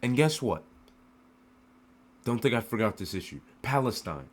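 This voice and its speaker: A man's voice: mid-range voice, very animated, normal speed. A man from the United States giving an emotional political rant to the camera, full of rhetorical questions and repeated phrases.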